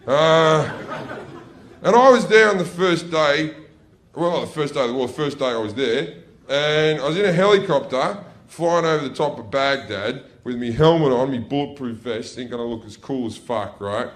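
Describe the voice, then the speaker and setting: A man's voice: medium pitch, normal speed, a little hiss or hum. Brash, profane male stand-up comedian. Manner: brash, profane, swings to shouted outbursts. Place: comedy club stage.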